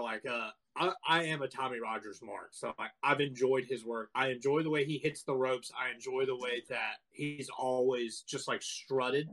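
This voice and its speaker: A man's voice: mid-range voice, a bit bright. A young man co-hosting a podcast in rambling casual chat, full of fillers and swearing. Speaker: podcast co-host.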